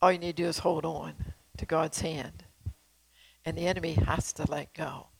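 A woman's voice: sits low, fairly even intonation, normal speed, gravelly, breathy edge, no room sound, rough recording. An older woman preaching in a folksy, emphatic way, repeating phrases and asking her listeners questions. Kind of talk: sermon with prophecy.

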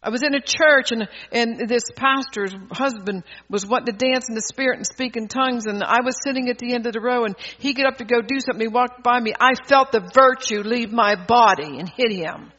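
A man's voice: extremely high pitch, a little fast, hardly any pauses, pushed and bright. A man preaching a fervent sermon at a church service, asking the congregation rhetorical questions. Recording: dull audio with long hall reverb.

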